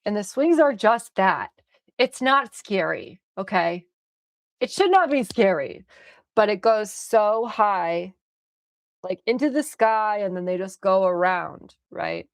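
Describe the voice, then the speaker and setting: A young woman streamer casually telling a story, animated, often laughing and swearing freely. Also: medium pitch, slow pace, no room sound.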